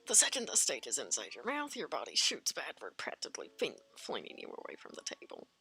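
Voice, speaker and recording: A woman streamer reading a fan-made visual novel aloud in an expressive, giggly manner, faint game music behind. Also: deep voice, fairly quick, gravelly, slightly rough. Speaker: let's play streamer.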